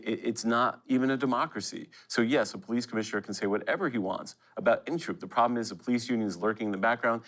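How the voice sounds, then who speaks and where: Fast-talking man reporter. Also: lowish voice, vocal fry, a bit bright, poor audio. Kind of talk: news discussion.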